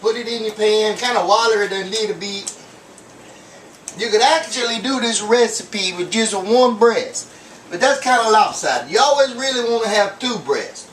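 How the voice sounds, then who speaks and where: In an echoey home kitchen, a man with a high, slightly bright voice chats at normal speed through a jokey cooking demo full of rambling asides and fillers. He's recorded from a distance, with pans, dishes and cutlery clattering and some slight background noise.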